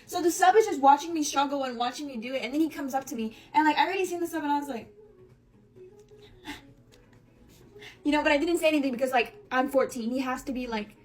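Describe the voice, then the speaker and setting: A woman's voice: sits high, quick pace, long pauses. A young woman telling a casual storytime, rambling with lots of fillers and casual swearing. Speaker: storytime creator.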